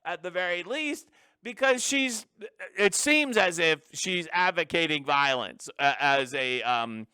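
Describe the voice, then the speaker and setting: A man's voice: on the high side, animated, measured pace, sharp tone, clear, resonant tone, dry recording, clean studio sound. A man hosting a solo political commentary show, talking in an emphatic, opinionated way. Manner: emphatic, opinionated, with frequent restarts.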